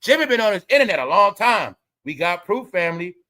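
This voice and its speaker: A man hosting an online commentary show, ranting loudly and mockingly, full of slang and swearing. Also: sits high, sing-song, a little fast.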